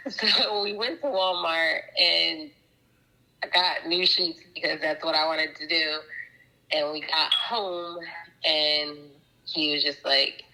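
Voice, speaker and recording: A woman's voice: low voice, fairly even intonation, takes it slowly, pauses often, sharp tone, low-quality recording. A woman guest telling a personal story in a casual interview, chatty and rambling, with many fillers and restarts.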